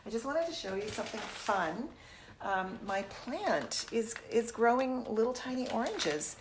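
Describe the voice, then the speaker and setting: Brief: upbeat, chatty woman in her fifties, live from her kitchen on a phone, medium pitch, faint background noise. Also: gravelly. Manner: upbeat, chatty, greets viewers. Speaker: fitness host. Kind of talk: live-streamed casual chat. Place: home kitchen. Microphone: phone camera.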